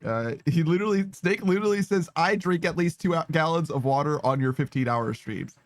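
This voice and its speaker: Brisk and animated, his voice on the high side, a man plays a game on stream and chats loosely with viewers. He's giggly and self-mocking, rambles, and swears plenty. It's a dry close-mic recording with faint music underneath.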